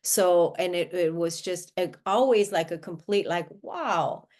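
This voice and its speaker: Earnest woman with a lowish voice. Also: steady tone, normal speed, a little mellow. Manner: earnest, with frequent restarts and filler words. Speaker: guest, life coach and author. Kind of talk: conversational interview.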